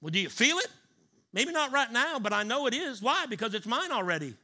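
Man, pastor, sermon, high voice, very bright tone, emphatic, drawn-out key words. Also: big pitch swings. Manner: asks the congregation to repeat lines aloud.

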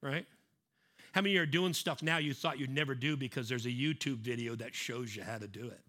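A man's voice: mid-range voice, fairly quick, pushed and bright. A middle-aged man preaching a sermon in a conversational way, acting out little scenes and repeating key lines for emphasis. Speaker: pastor.

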